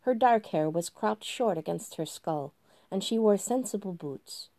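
Slow, mellow woman narrating a story. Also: medium pitch, animated, dry recording. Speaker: podcast host reading a story.

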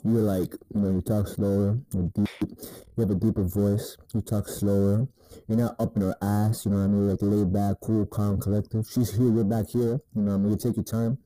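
A man's voice: on the low side, level tone, brisk, mellow, no room sound, poor audio. A man giving laid-back, profane dating advice in a rambling casual monologue, often asking "you know what I mean".

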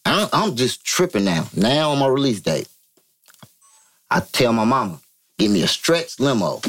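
A man from Vallejo, California, telling a story as an interview guest, profane and animated, acting out quotes in a higher voice. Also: normal speed. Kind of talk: casual storytelling.

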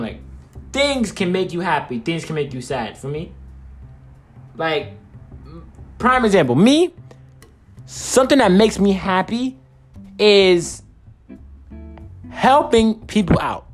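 A young man hosting a casual solo podcast, talking in a rambling, profane way while saying he is tired. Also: fairly high pitch. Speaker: podcast host.

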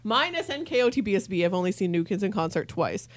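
A woman's voice: medium pitch, sing-song, fast, dry recording. A woman co-hosting a podcast, talking in casual chat and often correcting herself as she goes. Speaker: podcast co-host.

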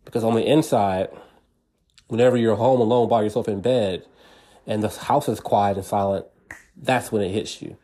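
A man hosts his own podcast in a loose, earnest monologue. His voice is mellow and warm in tone, and he circles back over his words, restarting often and laughing now and then. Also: on the low side, steady tone, normal speed. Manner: earnest and repetitive, frequent restarts, laughs between points. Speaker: podcast host. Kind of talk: casual monologue.

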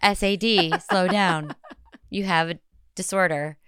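A woman's voice: fairly low pitch, fairly even intonation, a little slow, fairly bright tone, clean tone, dry recording, studio quality. A woman co-hosting a podcast, chatting casually and expressively, with frequent swearing. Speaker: podcast co-host. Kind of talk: casual chat.

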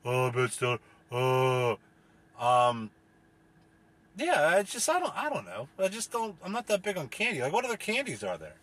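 A man's voice: high voice, huge pitch swings, normal speed, a bit bright, slightly rough. A man from the US delivering a profane, rambling, exasperated comedic rant as a solo podcast host.

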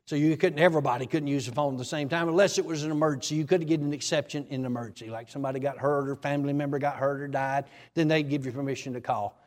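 A male preacher giving a sermon testimony as animated, folksy storytelling that bursts into shouts. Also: on the high side, racing, hardly any pauses, in a large hall.

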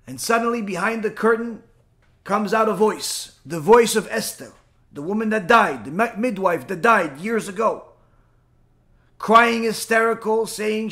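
A man telling a folk tale aloud in a conversational, unhurried way, stopping now and then to explain terms. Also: high voice, pushed and bright. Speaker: storyteller. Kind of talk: oral folk-tale storytelling.

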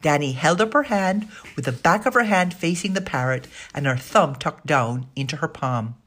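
A woman narrating a children's story aloud, expressive and giving the characters' lines their own voices. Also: sits low, moderate pace. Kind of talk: storybook reading.

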